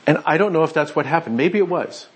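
A man preaching a conversational sermon, retelling a scripture story and voicing its speakers in quick asides. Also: on the high side, breathy edge. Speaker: pastor.

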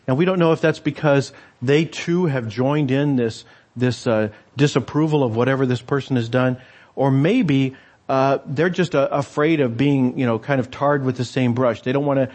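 A man's voice: fairly high pitch, normal speed, darkish tone. A man preaching a conversational sermon, reading scripture aloud and explaining it with wry asides and frequent hesitations. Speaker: pastor.

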